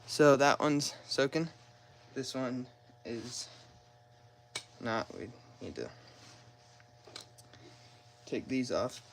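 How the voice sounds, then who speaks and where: A man's voice: mid-range voice, lively intonation, extremely slow, gravelly, pauses often, a little hiss or hum, low-quality recording. A man talking casually as he works on an engine, rambling and joking at himself while explaining each step, recorded on a phone in a garage. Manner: rambling, self-deprecating, talks to himself while working. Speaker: car mechanic vlogger. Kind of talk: casual how-to narration while working. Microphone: phone propped nearby.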